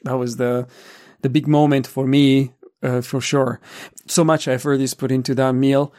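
A man hosting a podcast, talking in a relaxed way with frequent pauses and fillers. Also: mid-range voice. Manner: relaxed, thoughtful, many fillers. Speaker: podcast host. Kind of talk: casual conversation.

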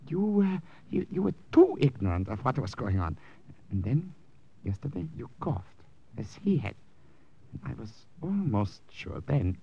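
A halting, gravelly timid clerk. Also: male voice, on the high side, dull audio, a little hiss or hum. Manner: earnest, halting and hesitant. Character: timid middle-aged male clerk turning brave. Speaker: administration clerk. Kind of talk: 1940s radio acting.

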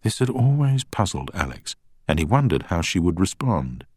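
Deep-voiced male audiobook narrator. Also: big pitch swings, normal speed, a little mellow, breathy edge, no room sound, clean studio sound. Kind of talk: scripted narration.

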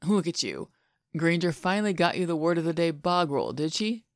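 A woman voicing a sly, fond adult man in a podfic of fan fiction, in a soft, lightly teasing way. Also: fairly low pitch, animated, normal speed, no room sound, clean studio sound.

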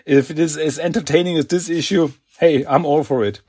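A man's voice: on the high side, fairly even intonation, brisk, darkish tone, breathy edge, dry recording, clean studio sound. A man hosting a podcast, giving an enthusiastic, chatty comic book review and laughing often. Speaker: podcast host.

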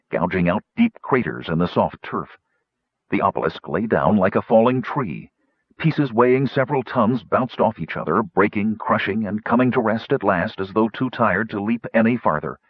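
A man narrates a fantasy story in a dramatic, measured way. His husky, low voice swoops widely. The recording is dry, dull and lo-fi. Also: dry recording. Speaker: audiobook narrator.

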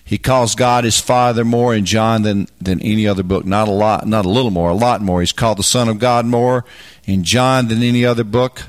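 A man preaching a Bible teaching, folksy and emphatic, dropping into quiet asides and then rising to loud, fervent bursts. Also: on the low side, fairly even intonation, a little fast.

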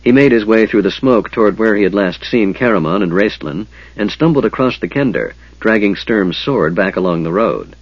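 A man narrating a fantasy audiobook with expressive storytelling. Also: fairly low pitch, normal speed, hardly any pauses, husky, dry recording, lo-fi sound.

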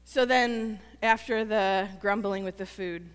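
A woman pastor preaching a sermon, earnest and emphatic, repeating phrases for weight and then dropping to a soft, quiet close. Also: medium pitch, fairly even intonation, takes it slowly, clear, resonant tone, in a large hall.

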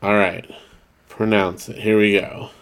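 A man's voice: fairly low pitch, little pitch movement, unhurried, a bit bright. A man co-hosting a casual podcast, rambling and correcting himself as he reads out listener mail. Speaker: podcast co-host. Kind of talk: casual chat.

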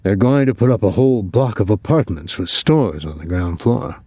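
A brooding, bitter old baker father speaks in a low, mellow register , voiced by a male reader. His talk is dry and darkly blunt. The audiobook recording is close and dry. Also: animated, moderate pace, breathy edge, no room sound. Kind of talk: audiobook character reading.

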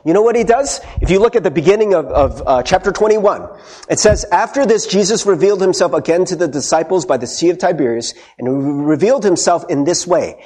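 High, lively husky male pastor. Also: brisk. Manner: tags many sentences with "right?"; acts out quoted speech in character. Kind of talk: conversational sermon.

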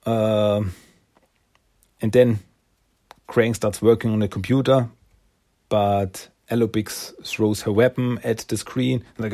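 A man's voice: lowish voice, fairly even intonation, takes it slowly, long pauses, mellow. A man casually retelling a comic story, rambling with fillers and slipping into character voices. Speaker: comic recap host.

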